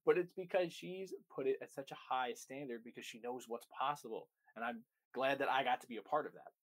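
Dog trainer, young adult man: emphatic teaching voice, mid-pitched, hammers his points home by repeating them. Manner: emphatic, repeats key phrases. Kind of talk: instructional talk to camera.

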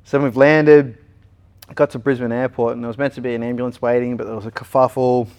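A man's voice: medium pitch, quick pace, clean tone, highs cut off. Australian man telling his story. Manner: animated retelling, acting out other people's lines. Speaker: interview guest. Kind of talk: storytelling in a casual interview.

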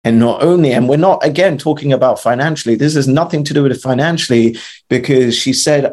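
A man's voice: medium pitch, a little fast, a little mellow. A man co-hosting a podcast, coaching listeners with rhetorical questions and casual swearing. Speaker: podcast co-host. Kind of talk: motivational talk.

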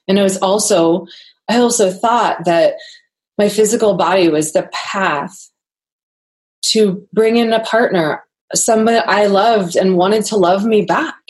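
A young adult woman as a podcast guest, candidly telling a personal story, earnest and laughing often. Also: lowish voice.

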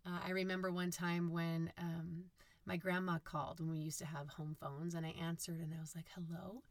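A woman from Utah talks on her own podcast in a low, husky, raspy voice that sits deep for a woman. She rambles in a chatty way, full of "um"s and corrections. The recording is dry and close, with no room sound. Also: level tone, moderate pace, no room sound. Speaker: podcast host. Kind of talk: casual solo podcast monologue.

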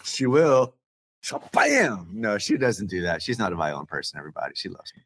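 A man's voice: sits low, lively intonation, fast, a little hiss or hum. A man co-hosting a casual faith podcast, playful and teasing, laughing a lot. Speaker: co-host.

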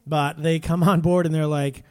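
Chatty high-voiced male live-stream host. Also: flat delivery, normal speed, darkish tone. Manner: chatty, reads out viewer comments, talks to his pet. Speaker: Christian musician hosting a live stream. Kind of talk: casual live-stream chat. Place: room in his home. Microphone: phone.

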